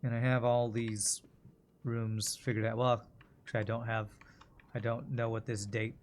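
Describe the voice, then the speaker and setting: A man's voice: medium pitch, flat delivery, normal speed, a little hiss or hum. American man musing through a game. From United States. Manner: thinking aloud, rambling and musing. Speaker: streamer playing a video game. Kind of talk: casual gameplay commentary.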